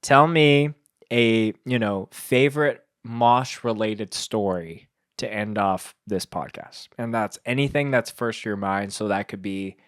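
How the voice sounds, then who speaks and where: A man hosts a podcast in loose, casual conversation, his speech effusive and meandering with many "like"s. His voice sits low, and the sound is dry and close with no room echo. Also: normal speed, a bit bright. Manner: effusive, rambling, heavy use of "like". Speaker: podcast host.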